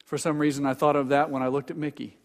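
A man's voice: a little high, flat delivery, quick pace. Older male pastor preaching in a reverberant sanctuary. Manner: earnest, stammers and repeats words, builds emphasis. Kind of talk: sermon. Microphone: pulpit microphone.

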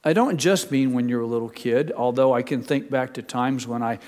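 An older male pastor preaching a storytelling sermon. His voice sits in a middle pitch, and the long reverb of a church hall trails each phrase. He moves from homely asides into rising, emphatic peaks. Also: moderate pace, a little mellow.

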